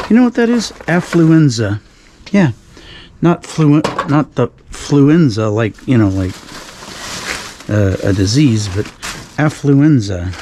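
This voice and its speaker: A man narrating his night dumpster dive in a casual vlog, rambling with dry sarcasm and the odd sigh, recorded outdoors at night. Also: a little high. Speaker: dumpster-diving vlogger. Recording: outdoor recording with clear background noise.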